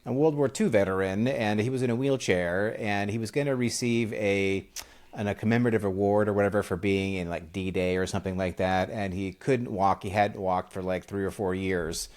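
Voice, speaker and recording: Low-voiced man hosting, rambling casually. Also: fairly even intonation, moderate pace, a little mellow. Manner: loose and rambling, full of "like" and "you know". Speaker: podcast host. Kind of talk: casual interview chat.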